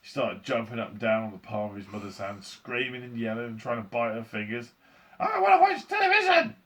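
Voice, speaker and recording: A male teacher reading a storybook aloud to a class in an expressive, animated way. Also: fairly low pitch, brisk.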